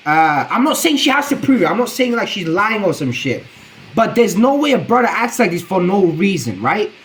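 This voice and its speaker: A man's voice: sits high, big pitch swings, moderate pace, fairly bright tone, low-quality recording. A man streaming his reaction to a video, talking in a rambling, profane, slang-heavy way. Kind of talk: casual reaction commentary.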